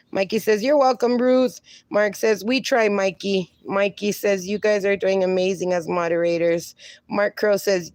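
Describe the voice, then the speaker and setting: A woman hosts a relaxed phone livestream from her yard, drawling slowly and dotingly as she greets viewers and baby-talks her dogs. The sound is dry and close, with no room echo. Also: mid-range voice. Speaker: livestream host. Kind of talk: casual livestream chat.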